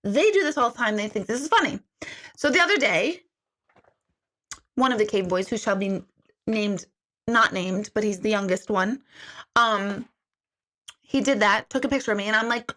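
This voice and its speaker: A woman's voice: mid-range voice, moderate pace, pauses often, fairly bright tone. A middle-aged woman hosting a casual livestream from home, rambling and self-mocking as she talks straight to her viewers. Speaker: host of an intuitive reading livestream.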